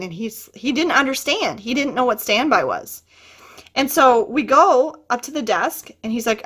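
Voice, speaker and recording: A middle-aged woman telling a travel story in a chatty, animated way. She laughs often and jumps into a high voice when she quotes her younger self. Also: normal speed, husky. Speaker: travel vlogger. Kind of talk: casual storytelling.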